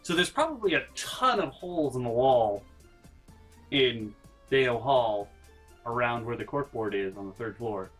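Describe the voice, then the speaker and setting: An animated young man tells stories straight to camera in a casual vlog, jumping into little voices and sound effects as he goes. His pitch sits right in the middle for a man, and faint music plays quietly beneath him. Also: unhurried. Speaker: vlogger telling college stories.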